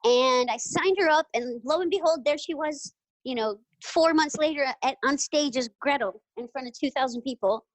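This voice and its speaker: A middle-aged woman, a guest on an interview show, telling lively stories and often acting out quoted voices with laughter. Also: high voice, normal speed, no echo, rough recording. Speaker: guest, retired jockey. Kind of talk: casual interview storytelling.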